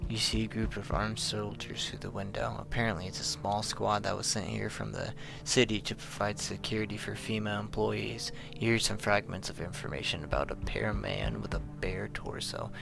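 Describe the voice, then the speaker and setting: A young man playing a horror game, reading the on-screen text aloud and yelling and swearing when things go wrong. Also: lowish voice, steady tone, moderate pace, vocal fry, hardly any pauses, over music. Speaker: let's play gamer. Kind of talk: horror game playthrough commentary.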